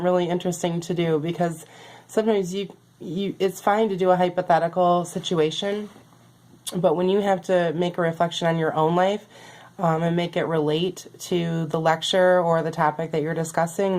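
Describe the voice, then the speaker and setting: A young adult woman student giving a recorded class reflection, earnest and halting with many pauses, losing her voice. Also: fairly low pitch, darkish tone.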